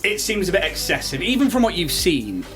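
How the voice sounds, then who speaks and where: A game master narrating a tabletop game, describing scenes like camera shots in a lively, casual way. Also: mid-range voice, brisk, over music.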